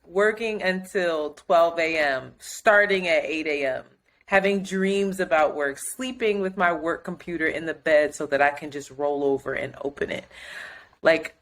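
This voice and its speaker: A woman co-hosting a podcast, telling a story in casual chat, animated and profane, acting out other people's quotes. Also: low voice, measured pace. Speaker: podcast co-host.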